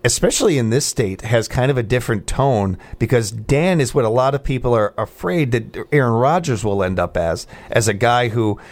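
A man's voice: mid-range voice, expressive, moderate pace, few pauses. A man in his forties hosting a radio show, talking casually and loosely with frequent fillers and restarts. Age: 40s. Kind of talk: casual on-air chat.

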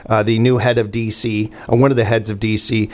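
A man's voice: lowish voice, little pitch movement, fairly quick, darkish tone. A man hosting a radio morning show, interviewing a guest with jokey, friendly banter.

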